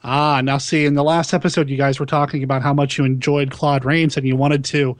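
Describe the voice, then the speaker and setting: A man's voice: a little high, level tone, fairly quick, no echo. A man hosting a podcast, chatting casually and enthusiastically, often laughing. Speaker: podcast host. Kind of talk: casual chat.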